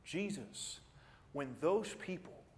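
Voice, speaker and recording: A man preaching a sermon as pastor, earnest and animated, jumping up in pitch for emphasis and then dropping quiet, often repeating words as he starts a thought. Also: slow. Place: church sanctuary. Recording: church sanctuary with long reverb.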